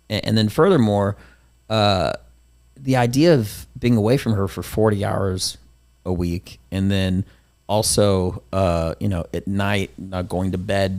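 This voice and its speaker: A man's voice: lowish voice, a little mellow. A man hosting a casual interview podcast, talking in a rambling, motivational way with many restarts. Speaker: podcast host and comedian.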